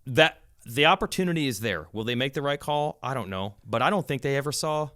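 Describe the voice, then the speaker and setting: A man talking casually on a podcast, an animated storyteller who acts out quotes. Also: mid-range voice, fairly quick. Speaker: motocross broadcaster, podcast guest.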